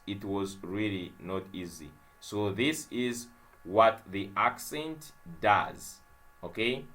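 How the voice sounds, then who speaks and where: A man's voice: fairly low pitch, fairly bright tone. A young man teaching web development in a coding tutorial, narrating as he types and thinking aloud with fillers and repeated phrases. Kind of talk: screen-share coding tutorial.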